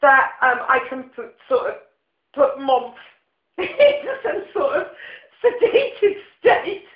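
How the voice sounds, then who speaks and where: Chatty, quick-laughing woman host. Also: high voice, animated. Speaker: podcast co-host. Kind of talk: casual chat. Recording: roomy, dull lo-fi room sound.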